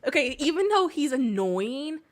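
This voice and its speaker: This high-pitched young woman streams a game as a co-host, chatting casually at normal speed and telling stories in a giggly, animated way with lots of laughter.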